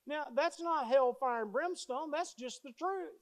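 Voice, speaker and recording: A man's voice: extremely high pitch, a little slow. A male pastor preaching a sermon with emphasis, repeating key phrases as he tells stories.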